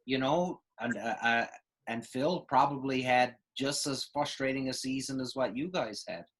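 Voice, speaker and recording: A man's voice: medium pitch, normal speed, a bit bright. A man hosting a podcast, asking long, loose questions full of fillers. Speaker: podcast host. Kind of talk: casual podcast chat.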